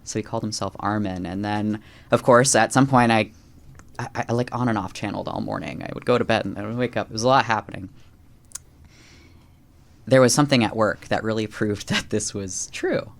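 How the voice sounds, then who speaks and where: Guy with a lowish voice chatting on a podcast, animated, lots of ums and restarts. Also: a little fast, gravelly. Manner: animated, acts out quoted lines in a raised voice; many fillers and restarts. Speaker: podcast guest. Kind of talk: conversational storytelling.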